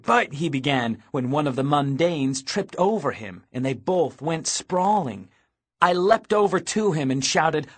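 Man reading a lively first-person audiobook. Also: fairly high pitch. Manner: lively reading, voices shouted game cries. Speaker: audiobook narrator.

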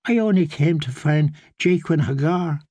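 A man's voice: a little high, normal speed, warm tone, no room sound, pitched above the performer's own voice, natural voice. A stubborn young girl with a raised, lighter voice, giving short and guarded answers, as a man reads her in an audiobook. The recording is close and dry, with no room sound. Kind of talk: audiobook character voice.

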